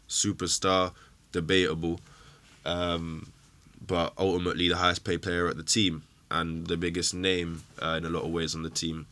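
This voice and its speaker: A man's voice: sits low, sharp tone. A man hosting a football fan show, ranting angrily and emotionally with heavy swearing. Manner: angry, swearing, emphatic rant.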